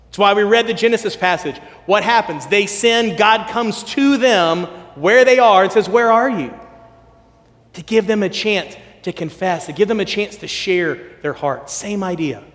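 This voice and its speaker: A man preaching a sermon, animated, acting out quoted lines and dropping to a soft hush for emphasis. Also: high-pitched. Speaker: pastor. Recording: long hall reverb.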